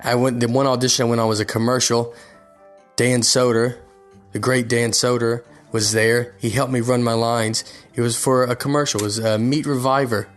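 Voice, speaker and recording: A young man tells a comic story in a self-mocking, rambling way, tripping over his own sentences. His voice sits at an ordinary pitch for a man. Faint music plays softly underneath. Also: level tone, normal speed. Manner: self-deprecating, rambling with restarts. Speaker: comedian recording a guest spot. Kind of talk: casual comedic monologue.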